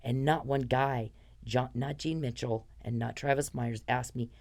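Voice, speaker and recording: A woman's voice: rumbling low, steady tone, measured pace, creaky, a little mellow. Angry profane woman in her fifties. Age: 50s. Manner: angry, profane, accusatory, addressing someone directly. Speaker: podcast host. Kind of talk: ranting podcast monologue.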